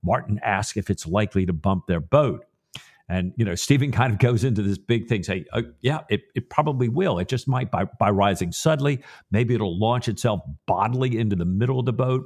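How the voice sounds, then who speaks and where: A man with a somewhat low voice retells a novel chapter on a podcast. He is relaxed and chatty and keeps the tone light. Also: moderate pace. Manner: relaxed and chatty, with "you know" fillers and light laughs. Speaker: podcast co-host.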